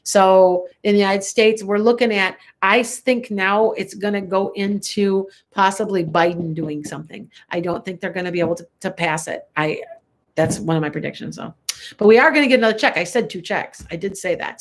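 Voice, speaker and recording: A woman tarot reader from the Chicago area, talking casually to viewers on a live stream, rambling and correcting herself as she goes. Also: medium pitch. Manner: rambling, chatty, frequent self-corrections.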